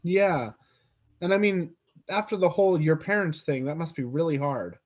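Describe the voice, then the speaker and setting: A man's voice: on the high side, normal speed, a little mellow. Hesitant man on lo-fi audio. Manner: hesitant, full of restarts. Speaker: player. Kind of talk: tabletop game play. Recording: dull lo-fi audio.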